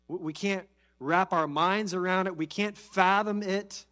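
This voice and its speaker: A pastor preaching a sermon with earnest conviction, building to emphatic peaks and then dropping soft and slow. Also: male voice, high-pitched, steady tone. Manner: repeats key phrases, slows for emphasis.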